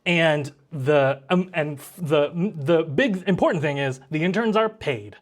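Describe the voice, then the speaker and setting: A man's voice: a little high, a little slow. A man narrating a tabletop game as game master, rambling with many fillers.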